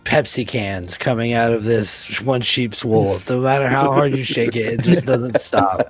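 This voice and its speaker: A man's voice: medium pitch, measured pace, loud music behind the voice. A man running a tabletop role-playing game as game master, describing scenes casually with dry humor.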